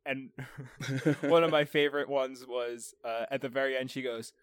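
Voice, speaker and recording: A man's voice: medium pitch, little pitch movement, normal speed, smooth, dry recording, studio quality. A young man co-hosting a casual movie podcast, telling stories with a joking, laughing manner. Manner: laughing, jokey storytelling. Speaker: podcast co-host.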